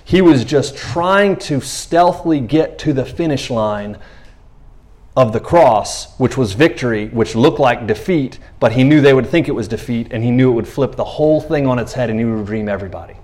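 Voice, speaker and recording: A man preaching a sermon in a conversational, animated way, acting out the voices of the people in the stories he tells. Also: mid-range voice, normal speed.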